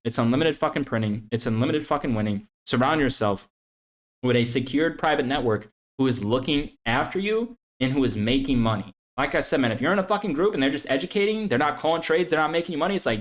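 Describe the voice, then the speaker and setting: A man hosting a trading group vlog, swearing constantly and hard-selling membership with repeated slogans. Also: medium pitch. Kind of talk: hyped promotional vlog rant.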